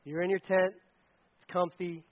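A man preaching a sermon, telling a story in a lively, animated way and acting out the quotes. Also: sits high, a little slow, muffled recording. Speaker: pastor.

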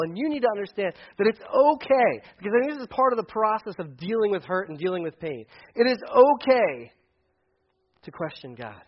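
A man preaching a sermon, animated, acting out quoted voices and swinging between loud and hushed delivery. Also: sits high, fairly quick. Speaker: pastor. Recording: dull lo-fi sound.

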